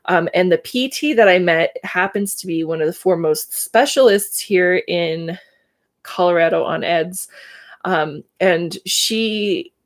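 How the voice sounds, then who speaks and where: A woman, telling her own story candidly and with emotion on a casual livestream. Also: fairly low pitch. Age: 30s. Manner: candid, emotional, laughs between thoughts. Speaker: livestream host.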